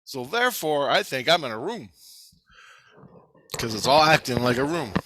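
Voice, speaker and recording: Man, rambling dream storyteller, sharp bright tone, swears a lot, circles back on himself, dry close sound. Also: medium pitch, normal speed, no room sound. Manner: excitable, profane, repetitive storytelling. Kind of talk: rambling first-person dream account.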